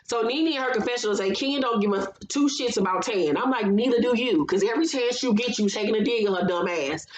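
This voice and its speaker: A woman's voice: a little high, fast, few pauses. A woman recapping a reality TV episode in a blunt, sassy, heavily profane casual style. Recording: roomy, slightly dull recording.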